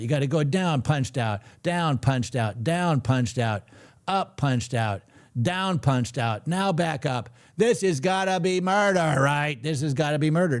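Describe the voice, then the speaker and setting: A middle-aged man talks through a live trading stream in a chatty, joking way, reading viewer comments aloud as he goes. His voice sits at an ordinary pitch for a man. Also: a little mellow. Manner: chatty, jokey, reads chat aloud. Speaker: trading show host. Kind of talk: casual live-stream chat.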